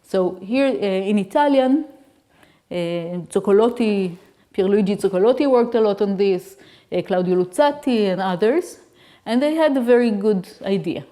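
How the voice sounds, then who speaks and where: A woman's voice: medium pitch, mellow. A woman, a native Hebrew speaker, giving an academic lecture as guest lecturer, explaining step by step with restarts and checks like "okay?". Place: lecture hall.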